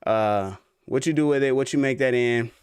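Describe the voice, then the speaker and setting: A man's voice: medium pitch, moderate pace, clean tone, no echo, studio quality. A man hosting a live stream, reviewing beats his viewers send in, chatting casually in slang and talking straight to his chat. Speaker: music producer streamer reviewing submitted beats.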